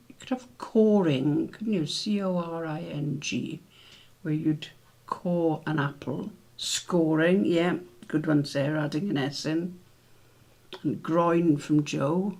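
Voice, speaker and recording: A man's voice: on the high side, slow, darkish tone. A man hosting a casual word quiz, musing aloud over the letters and spelling words out. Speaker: quiz host.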